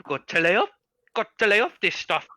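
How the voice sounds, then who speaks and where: A man's voice: sing-song, brisk, sharp tone, no echo, full character voice. A man voicing a cheerful, tipsy little male gnome in a tabletop game, chatty and jovial. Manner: chatty, jovial, squeaky high voice. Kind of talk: tabletop game role-play.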